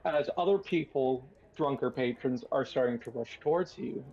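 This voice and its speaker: Gravelly husky guy gm'ing a tabletop game, takes his time, kinda muffled lo-fi mic. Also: mid-range voice, darkish tone. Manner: unhurried, descriptive, many fillers. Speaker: game master.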